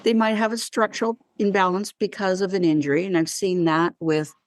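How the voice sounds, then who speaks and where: A woman's voice: mid-range voice, brisk, dry recording. A woman who works as a wellness practitioner, telling stories in an interview and acting out the dialogue in them. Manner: animated, acts out dialogue in her anecdotes. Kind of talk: conversational interview storytelling.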